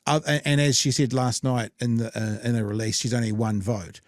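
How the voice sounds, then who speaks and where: A man's voice: medium pitch, fairly quick, no echo. A man with a New Zealand accent hosting a casual political commentary show, rambling with jokey asides. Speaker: host.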